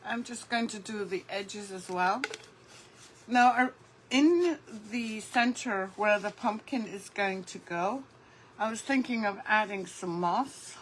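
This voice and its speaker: A woman's voice: medium pitch, slow pace, rough recording. A woman hosting a casual craft livestream, chatting and greeting viewers by name as she works. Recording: faint background noise.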